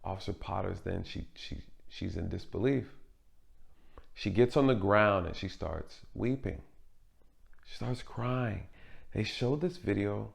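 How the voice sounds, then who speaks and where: A man's voice: fairly low pitch, a little slow, creaky. A man hosting a commentary review, earnest and asking rhetorical questions. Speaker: commentary host. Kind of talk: courtroom video commentary.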